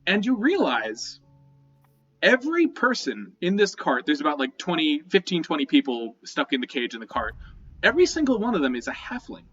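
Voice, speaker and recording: Man, game master, tabletop narration, rambling with fillers, bright tone, lo-fi sound. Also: on the high side, wildly swooping pitch, normal speed, soft background music. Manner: loose, searching narration full of fillers.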